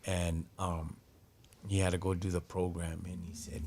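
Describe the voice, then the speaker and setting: A man's voice: low-pitched, measured pace. A man hosting a live stream, telling stories in casual, slang-filled chat and acting out what people said. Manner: slangy, animated, acts out quotes from his stories.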